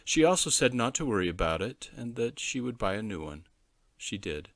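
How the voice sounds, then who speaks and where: A man narrating a children's storybook in an expressive storyteller reading. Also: on the low side, normal speed, no echo.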